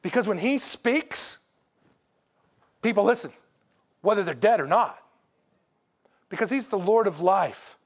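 A man preaching a sermon, telling the story in a humorous, animated way and acting out the dialogue casually. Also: high voice, measured pace, long pauses. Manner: acts out dialogue in a casual, jokey way. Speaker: pastor.

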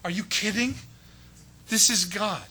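A man's voice: sits high, unhurried, bright, forceful tone, slightly rough. A man preaching a sermon as pastor, emphatic, full of rhetorical questions and exasperated asides.

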